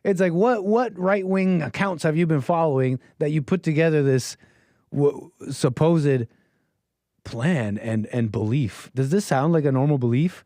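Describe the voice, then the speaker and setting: A man's voice: a little high, measured pace, dark tone, dry recording, studio quality. A man hosting a call-in show, giving casual, mocking, incredulous commentary as he reacts to text he reads aloud. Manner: incredulous and mocking, with frequent chuckles.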